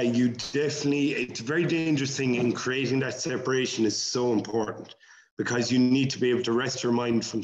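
A man on a webinar panel talks in a calm, measured way. His voice comes through a roomy space, and the video call audio sounds dull and muffled. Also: medium pitch. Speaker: coach panelist. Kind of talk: calm discussion.

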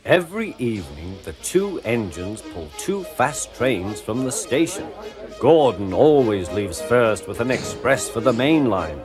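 Man narrating an expressive storybook. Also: medium pitch, unhurried. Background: background music.

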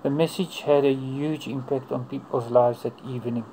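A man sharing a personal faith testimony, earnest and unhurried, with a middle-pitched voice. His phrases come in short pieces with pauses between them. A faint hiss sits under the voice. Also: fairly even intonation, dark tone, poor audio. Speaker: churchgoer giving testimony.

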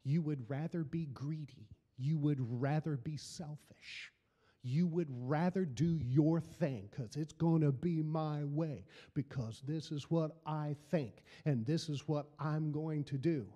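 A man's voice: on the high side, takes it slowly, mellow, long reverb tail, lo-fi sound. A middle-aged man preaching a sermon as pastor, building emphasis through repeated phrases. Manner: preaching with rising emphasis and repetition.

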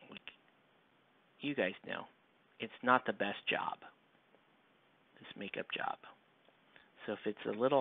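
A man's voice: mid-range voice, gravelly. An American man chatting casually with viewers while painting a miniature on a live stream, rambling and joking as he works. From United States. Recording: tinny, lo-fi, close dry mic.

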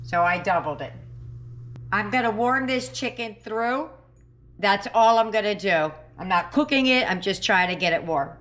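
Animated and a bit bright, her mid-range voice moves at a moderate pace as she chats. The middle-aged host of a cooking channel is thinking aloud while making food in her home kitchen.

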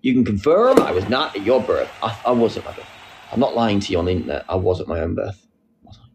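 A young man hosting a casual live stream, reading out comments with a playful, silly manner and sudden squeaky jokes. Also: very animated, quick pace. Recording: faint background noise.

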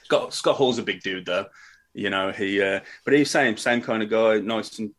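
Chatty man, lowish voice. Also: moderate pace, a bit bright. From England. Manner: chatty storyteller, says "mate". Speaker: professional wrestler, guest. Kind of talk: casual podcast interview.

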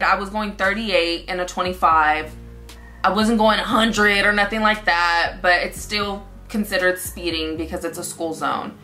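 Young woman vlogger, bright tone, animated storyteller, faint music underneath. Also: mid-range voice, measured pace. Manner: animated retelling, acts out quotes. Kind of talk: storytime vlog.

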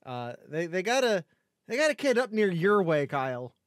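A man co-hosting a casual sports podcast, talking in a rambling, joking way full of restarts. His voice sits a little high. It is recorded close and dry, with no room sound. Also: very animated, moderate pace, no room sound. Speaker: podcast co-host. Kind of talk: casual chat.

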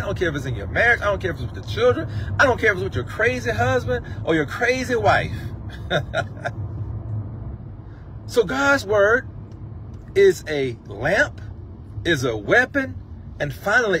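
A pastor with a high voice preaches a sermon over a livestream, caught on a phone mic against a noisy background. He is impassioned and emotional, and at moments he breaks into song.

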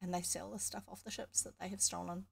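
Gravelly New Zealand woman reading aloud. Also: fairly low pitch, little pitch movement, fast. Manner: chatty, explanatory. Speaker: storybook reader. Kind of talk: reading a children's book aloud with chatty asides.

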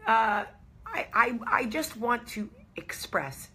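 A woman's voice: on the high side, very animated, extremely slow, sharp tone, husky. A woman hosting a casual talk to camera, speaking in an earnest, reassuring way and repeating key phrases for emphasis. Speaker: host.

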